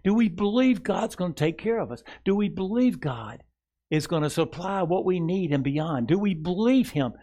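A man preaching a sermon to a congregation, earnest, asking rhetorical questions and dropping soft for tender asides. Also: high voice, expressive, moderate pace. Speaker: pastor. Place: church sanctuary before a congregation.

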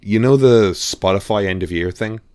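A man's voice: on the low side, moderate pace, a little mellow, clean tone, no room sound, studio quality. A man hosting a podcast in casual chat, rambling and hesitant with lots of fillers. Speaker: podcast host.

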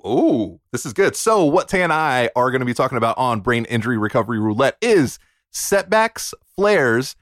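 A man's voice: mid-range voice, sing-song, normal speed, fairly bright tone, dry recording, studio quality. A man hosting a casual podcast chat, playful and teasing, with self-deprecating jokes. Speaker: podcast host.

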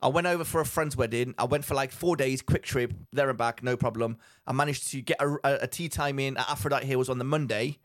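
Brief: male podcast co-host, excitable, rambling casual talk. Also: medium pitch, a little fast, hardly any pauses. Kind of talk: casual chat.

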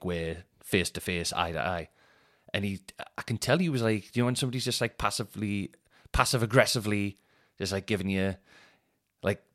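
A man's voice: fairly low pitch, fairly bright tone. Sweary man telling a funny story. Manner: sweary, rambling, laughs through anecdotes. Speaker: podcast host. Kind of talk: casual storytelling monologue.

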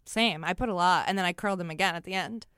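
Young woman co-host, rather low and smooth, easygoing and hesitant. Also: fast talker, fairly bright tone, no echo, studio quality. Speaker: podcast co-host. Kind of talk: casual beauty chat.

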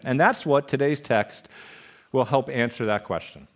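A man's voice: medium pitch, normal speed. A man preaching a sermon as pastor of a church, conversational with playful, joking asides.

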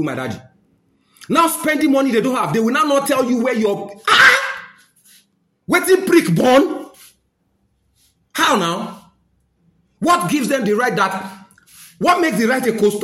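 A man's voice: extremely high pitch, a bit bright, roomy sound. Fiery Nigerian man ranting. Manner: fiery, scolding, mixes in Pidgin. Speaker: social commentator. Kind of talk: impassioned rant to camera.

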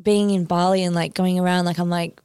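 A woman's voice: lowish voice, little pitch movement, fairly quick, darkish tone, clean tone, no echo. A woman, a podcast guest chatting casually and filling her talk with "like". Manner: chatty, heavy use of "like". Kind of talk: casual chat.

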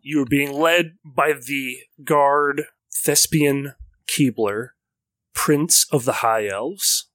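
A man's voice: medium pitch, slow pace, fairly bright tone, dry recording. A man narrating a tabletop role-playing game as game master, laid-back with fillers.

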